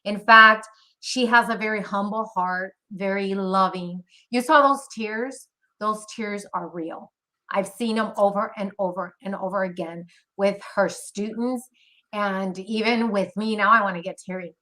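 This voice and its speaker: A woman's voice: medium pitch, fairly even intonation, unhurried, pushed and bright. A woman hosting the event and giving an earnest, admiring tribute to her mentor. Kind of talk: heartfelt tribute.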